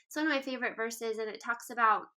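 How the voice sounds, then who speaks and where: A woman in her thirties, appearing as a guest author in a casual interview, speaks quickly in a sharp, higher-pitched voice. She comes across as earnest and thoughtful, with frequent "um" and "like" fillers.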